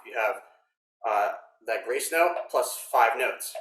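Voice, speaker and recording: A man teaching snare drum technique in a workshop, explaining step by step in a relaxed way with frequent ums. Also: mid-range voice, takes it slowly, recorded from a distance. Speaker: drum instructor. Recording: roomy echo.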